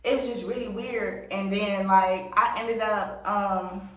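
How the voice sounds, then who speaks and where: A woman's voice: medium pitch, fairly even intonation, takes it slowly, recorded from a distance. A woman vlogger telling a story in a casual get-ready-with-me chat, blunt, profane and emphatic. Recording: very echoey room, voice set back from the mic.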